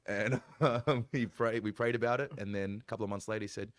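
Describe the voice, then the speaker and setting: A man, a pastor, telling his story in casual chat, animated, acting out quoted lines with big jumps in voice. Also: fairly low pitch, fairly quick, dry recording.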